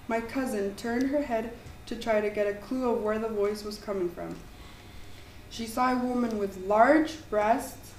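A woman reading her own ghost story aloud in an earnest, slightly halting way. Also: fairly high pitch. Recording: echoey room, mic far off, faint background noise.

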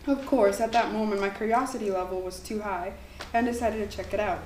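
A woman reading her own ghost story aloud in an earnest, slightly halting way. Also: medium pitch, fairly even intonation, a little mellow. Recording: echoey room, mic far off, faint background noise.

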